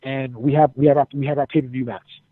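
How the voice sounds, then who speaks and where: A man's voice: mid-range voice, level tone, fast talker, dry recording, phone-quality sound. A man telling a backstage story casually and animatedly, acting out quotes and swearing freely. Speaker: interview guest, former wrestler.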